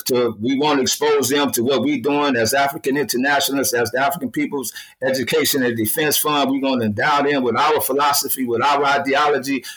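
A man's voice: medium pitch, fairly even intonation, fairly quick, fairly bright tone, breathy edge, rough recording. A man speaking as a guest on a radio talk show, emphatic and colloquial, repeating phrases for stress.

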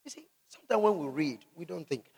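A man preaching a sermon, asking the congregation questions and shouting out scripture. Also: on the high side, lively intonation, fast talker, vocal fry, husky, long reverb tail. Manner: emphatic call-and-response preaching, shouting scripture.

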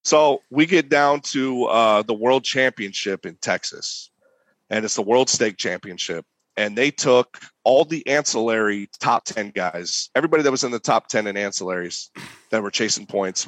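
A man's voice: lowish voice, normal speed, dry recording. A young man, a competition barbecue cook, casually telling a story and acting out the voices in it. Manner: animated, acts out voices.

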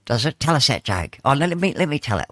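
A man co-hosting a radio show, telling stories in a meandering, halting way. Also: mid-range voice, sing-song, fairly bright tone, no room sound, studio quality. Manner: meandering storyteller, halting starts. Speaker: radio co-host. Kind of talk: casual radio banter.

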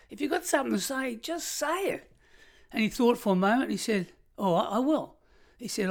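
A man's voice: high voice, vocal fry. Australian man, sixties, seasoned ex-prison officer guest, vivid emphatic storyteller. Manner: vivid, emphatic storyteller who piles up short phrases. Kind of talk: storytelling in an interview.

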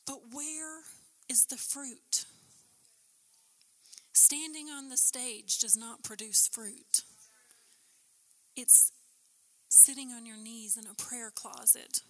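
A woman preaching a sermon with passion, building to emphatic peaks and then dropping low. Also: fairly even intonation, slow, pauses often, sharp tone. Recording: long hall reverb.

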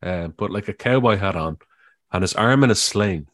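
A man's voice: lowish voice, animated, moderate pace, fairly bright tone, dry recording, studio quality. A man co-hosting a casual chat, telling a funny story in a laid-back way with swearing and acted-out quotes.

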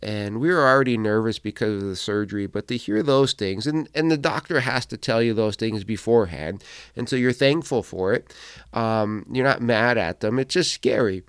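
Man preaching, smooth dry voice. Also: lowish voice, no room sound. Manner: storytelling with quoted voices, emotional pauses. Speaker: pastor. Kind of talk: sermon.

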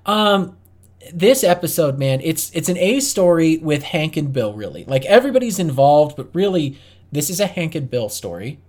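A man's voice: fairly high pitch, sing-song, moderate pace, darkish tone. Candid man co-hosting a chat podcast. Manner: candid, thinks aloud with restarts. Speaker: podcast co-host. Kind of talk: casual chat.

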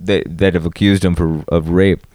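A man's voice: deep voice, flat delivery, moderate pace, darkish tone, no echo. A man co-hosting a comedy podcast, rambling through stories and laughing often. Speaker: podcast co-host. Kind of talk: casual comedic chat.

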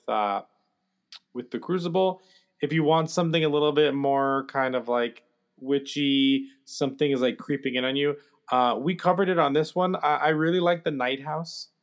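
A man's voice: fairly high pitch, fairly bright tone, clean tone. A man co-hosting a casual podcast chat, hesitant and full of fillers and restarts. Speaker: podcast co-host.

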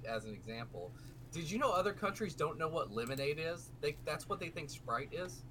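A man hosts a casual gaming podcast, his voice bright and forward, jumping between thoughts and restarting sentences. A faint hiss of noise sits under his mic. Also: on the high side, brisk, low-quality recording. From American South. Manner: animated, digressive, restarts often. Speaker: podcast host.

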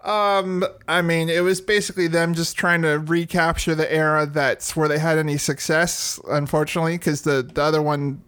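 Wry man, slightly high voice. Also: flat delivery, normal speed, few pauses, fairly bright tone, clear, resonant tone. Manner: wry, joking asides. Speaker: podcast co-host. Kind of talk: casual podcast chat.

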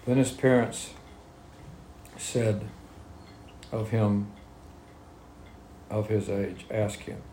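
A man's voice: lowish voice, fairly even intonation, drawn-out words, pauses often, warm tone, a little hiss or hum. A man leading a Bible study, reading verses aloud and explaining them in plain, conversational talk. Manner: reads scripture then explains it in plain talk. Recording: echoey room with faint ambience.

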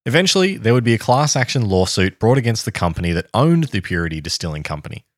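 A man hosting a podcast, reading a history story aloud to his co-host in a steady tone with dry asides. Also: lowish voice, fast talker, no echo.

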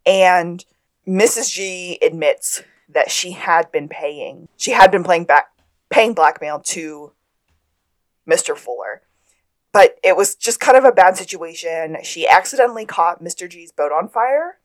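A woman's voice: lowish voice, animated, a little slow. A woman co-hosting a podcast, casually retelling the plot of an episode and quoting the characters. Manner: storytelling, quotes characters. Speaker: podcast co-host. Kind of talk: casual recap chat.

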